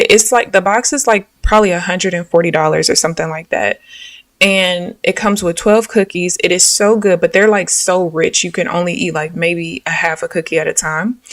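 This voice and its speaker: A woman's voice: mid-range voice, no echo, recorded from a distance. A young woman tells a rambling, exasperated story, dropping slang and swear words. Her voice is dry and sits a bit back from the microphone. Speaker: live trading streamer. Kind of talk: casual storytelling while trading live.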